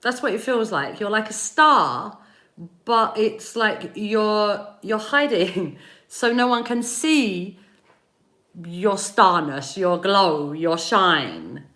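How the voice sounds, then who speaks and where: A woman hosting a live tarot reading, taking her time over every phrase. Her voice is bright and forward, and she speaks gently, repeating the viewer's name softly as she tunes in. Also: medium pitch, lively intonation. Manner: slow, soothing, repeats names while tuning in. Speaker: tarot reader.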